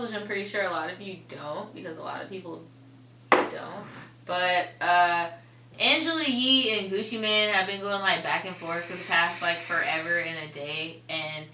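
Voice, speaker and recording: A woman co-hosting a laid-back podcast, talking loosely and swearing freely. Her voice is bright and crisp. She sits back from the mic in an echoey room with a faint hiss. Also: mid-range voice, moderate pace, recorded from a distance. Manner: loose and profane, laughs often. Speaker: podcast co-host. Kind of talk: casual chat.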